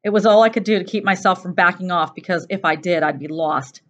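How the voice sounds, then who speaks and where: A woman teacher reading a first-person novel aloud in a steady, plain storytelling voice. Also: fairly low pitch, fairly quick. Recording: dull lo-fi recording.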